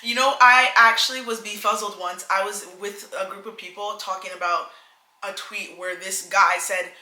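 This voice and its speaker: A woman's voice: mid-range voice, steady tone, moderate pace, sharp tone. A young woman co-hosting a casual advice chat, talking emphatically and acting out quoted men. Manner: chatty, emphatic, laughs often, acts out quoted men. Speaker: co-host. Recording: echoey room.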